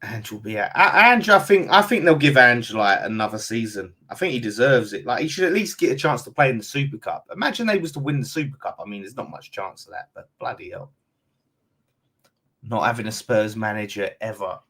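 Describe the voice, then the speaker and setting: A man's voice: mid-range voice, sing-song, brisk, bright, forceful tone. Chatty Essex man hosting a live stream. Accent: London and Essex. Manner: chatty, blunt, swears casually, says mate a lot. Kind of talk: casual live stream chat reading viewer comments.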